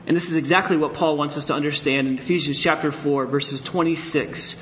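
A man's voice: a little high, fairly even intonation, a little fast, a bit bright, muffled recording, a little hiss or hum. A middle-aged male pastor preaching a sermon in a church, speaking candidly and telling personal stories, at times building to emphatic bursts. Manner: candid, storytelling, rising to emphatic outbursts. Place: church sanctuary.

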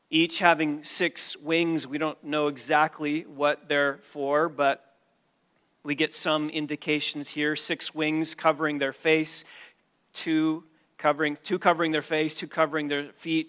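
A man preaching a sermon, emphatic, with loud stressed points and hushed, quiet lines. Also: fairly high pitch, clean tone.

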